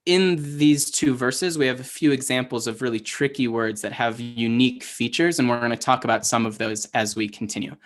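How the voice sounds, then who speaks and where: A man's voice: medium pitch, a bit bright. A man teaching an online class, explaining step by step, quizzing his learners and using many fillers. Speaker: Hebrew teacher.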